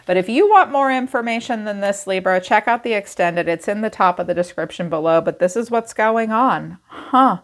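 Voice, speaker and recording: A woman's voice: mid-range voice, normal speed, hardly any pauses. Chatty, frank woman tarot reader. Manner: chatty, frank, swears and laughs easily. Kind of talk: casual tarot reading to camera.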